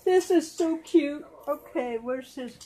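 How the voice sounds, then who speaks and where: Slow, high-voiced doting woman. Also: crowd noise. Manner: doting, soft baby talk to her dolls. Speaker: doll channel host. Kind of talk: casual vlog chat to viewers.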